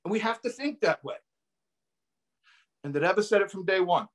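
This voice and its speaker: High-voiced impassioned rabbi. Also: male voice, expressive, moderate pace. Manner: impassioned, repeats phrases for emphasis; uses Hebrew and Yiddish terms. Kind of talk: sermon.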